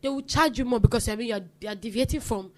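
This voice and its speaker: Lively Nigerian woman telling stories. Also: fairly high pitch, fast talker. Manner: animated, acts out quoted people, laughs often. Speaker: podcast guest. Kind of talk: casual storytelling chat.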